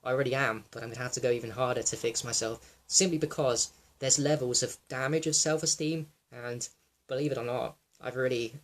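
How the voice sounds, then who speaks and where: A young man in a raw personal monologue, reflective and halting, with many fillers and restarts, sometimes close to tears. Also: mid-range voice, fairly even intonation. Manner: emotional, close to tears at times. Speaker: wellness vlogger.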